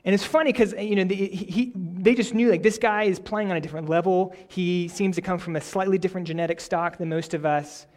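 A young adult male pastor who prays quietly, then preaches a story-driven sermon with building energy. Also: high voice, brisk, hardly any pauses. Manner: prays softly, then preaches with rising energy and animated stories.

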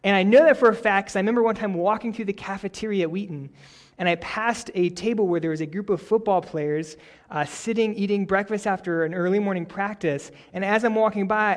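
Youngish guy pastor, kinda high voice, preaching, gets animated telling stories. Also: brisk. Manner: prays softly, then preaches with rising energy and animated stories. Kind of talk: sermon.

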